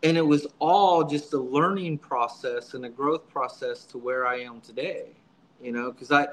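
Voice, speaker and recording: A man's voice: medium pitch, normal speed, a little hiss or hum, low-quality recording. A man guest in an interview, a subdeacon telling his story in a casual, earnest way, often repeating words as he restarts his sentences.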